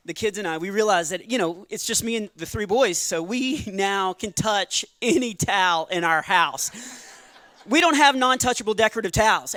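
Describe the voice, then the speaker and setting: On a church stage before a live audience, a middle-aged man does stand-up, moving between earnest testimony and playful jokes with quick asides and laughter at his own lines. His voice sits high, pushed and bright, and the recording is dry.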